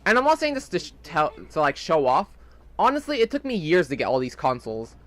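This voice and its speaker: A man's voice: a little high, sing-song, brisk. A young man rambling casually in gameplay commentary, chatty and full of fillers. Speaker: gaming channel host.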